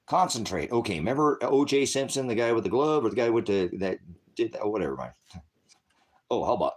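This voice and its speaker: A man's voice: medium pitch, expressive, a little fast, breathy edge. A man hosting a casual livestream, rambling and joking, often breaking off to baby-talk his dogs. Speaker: livestream host.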